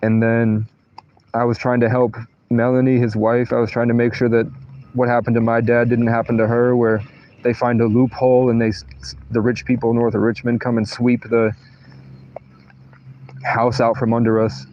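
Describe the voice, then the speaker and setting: A man's voice: mid-range voice, completely flat delivery, moderate pace, a little mellow, lo-fi sound, a little hiss or hum. A man livestreaming from a tent in a thunderstorm, rambling through personal stories with profanity and unfinished sentences. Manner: meandering, profane, trails off mid-sentence. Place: inside a tent during a thunderstorm.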